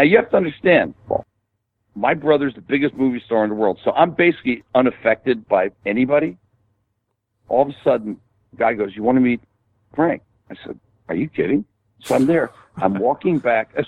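An older man as a podcast guest, rambling and animated as he tells stories and quotes people. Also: medium pitch, gravelly, no room sound. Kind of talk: casual storytelling. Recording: tinny phone-like line.

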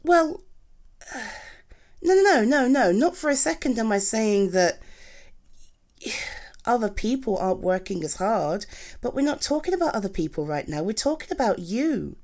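A woman performing a romantic comfort audio roleplay, gushing and reassuring as she speaks to an unseen partner. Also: a little high. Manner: slow, lively, swooping speech.

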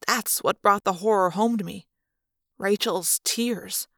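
Gravelly woman reading an audiobook. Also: mid-range voice, takes it slowly, crowd noise. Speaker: reader. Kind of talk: first-person audiobook narration.

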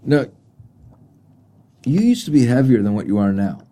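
A man's voice: medium pitch, big pitch swings, normal speed, mellow. A man hosting a studio podcast, asking questions casually and laughing easily. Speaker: podcast host.

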